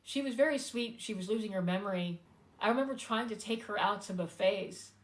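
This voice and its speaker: A woman speaks on her own live stream in a loose, conversational way. She is heartfelt and close to tears, often stopping on fillers to steady herself and find her words. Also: medium pitch, poor audio. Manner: heartfelt, halting, many fillers, fighting back tears. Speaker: singer-songwriter hosting a live stream. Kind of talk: casual live-stream talk.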